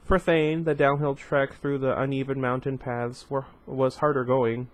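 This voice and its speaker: A man's voice: medium pitch, little pitch movement, normal speed. A man with a slight lisp reading a novel aloud, with chatty asides between passages. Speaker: book reader.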